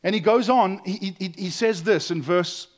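Earnest man preaching, drops quiet. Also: sits high, moderate pace. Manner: earnest, acts out quotes, drops to quiet for emphasis. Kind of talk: sermon.

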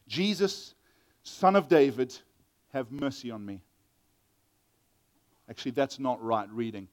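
A male pastor preaching an animated sermon, reading scripture aloud and acting out the voices of the people in it. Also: a little high, measured pace. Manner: animated Bible reading and teaching with dramatic voices.

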